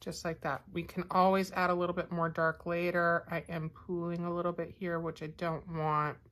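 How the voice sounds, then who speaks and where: A woman teaching a watercolor painting lesson, explaining each step calmly with frequent fillers. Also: on the low side, normal speed. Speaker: art teacher.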